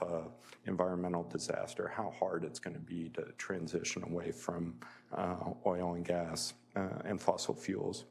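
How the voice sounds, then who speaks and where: A man's voice: deep voice, vocal fry. A man giving a public lecture as a guest speaker, conversational and full of fillers, often chuckling as he tells personal stories.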